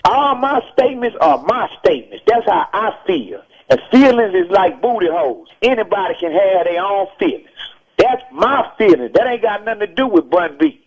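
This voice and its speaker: A high-voiced man lays out his views in an emphatic, preachy way, circling back to the same points again and again. He's calling in to a radio show, and his voice comes through a dull, muffled phone line. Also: animated, moderate pace, few pauses. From Texas. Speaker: rapper interviewed as phone-in guest. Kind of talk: heated radio call-in interview. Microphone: telephone.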